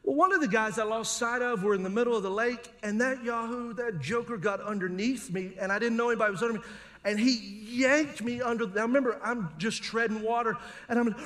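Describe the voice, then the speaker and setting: High-voiced storytelling pastor. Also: male voice, fairly bright tone. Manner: conversational, humorous, storytelling. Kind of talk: sermon with personal stories.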